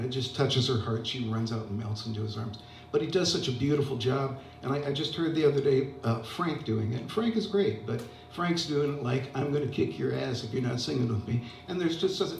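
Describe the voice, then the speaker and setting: A man's voice: mid-range voice, moderate pace, a little mellow, slight background noise. An older man hosting an open mic, chatting casually and self-deprecatingly between songs. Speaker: open mic host and singer. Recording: roomy, distant mic, guitar behind.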